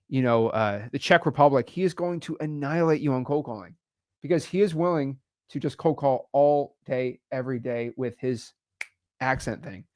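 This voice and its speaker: A young man hosting a casual podcast chat, energetic and emphatic, full of slang. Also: on the high side. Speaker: podcast host, real estate investor.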